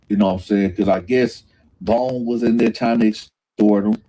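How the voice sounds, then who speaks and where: A man telling a jail story in slangy, animated style, acting out what others said. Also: fairly low pitch, normal speed, slight background noise, poor audio. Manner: acts out other people's voices, swearing, slangy. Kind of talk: animated storytelling with acted-out quotes.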